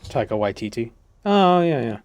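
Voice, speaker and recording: A man's voice: medium pitch, very animated, normal speed, darkish tone. A man casually chatting and musing while streaming a game, often trailing off mid-sentence. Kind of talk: casual gaming stream chat.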